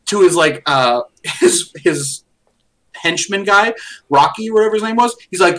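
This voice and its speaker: A man with a slightly higher voice co-hosts a podcast in a casual, rambling way. He retells movie scenes and jokes from a close desk mic. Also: expressive, a little slow, a bit bright. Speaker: podcast co-host. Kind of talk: casual chat.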